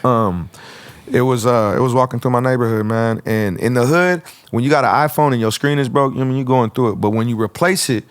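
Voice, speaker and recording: A man's voice: mid-range voice, fast talker, clean tone, no room sound. A man from Arizona, a rapper guest telling stories in a casual interview, swearing freely and acting out what others said. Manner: profane, rambling, acts out others' lines.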